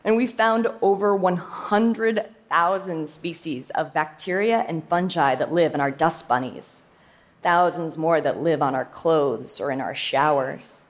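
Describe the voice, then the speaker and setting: A young woman scientist delivers a prepared talk in a fairly low voice. She speaks with lively emphasis and slips in playful asides. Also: a little slow.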